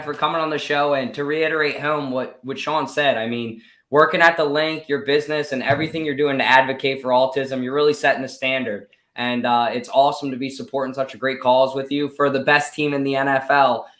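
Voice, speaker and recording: A man's voice: medium pitch, fairly even intonation, pushed and bright. A man from Delaware hosting a casual sports podcast, upbeat and teasing. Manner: upbeat, teasing, talks in quick bursts. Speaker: podcast host. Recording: roomy echo.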